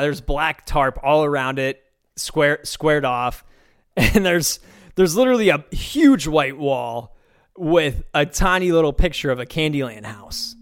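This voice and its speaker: His voice is a little high, clear and resonant as he hosts a podcast of casual commentary. The talk is loose and rambling, laced with sarcasm and incredulity.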